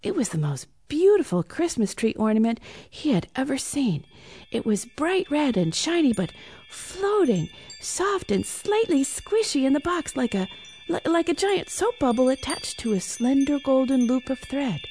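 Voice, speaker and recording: Animated woman reading a bedtime story. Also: sits high, moderate pace, soft background music. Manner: animated, hushed asides.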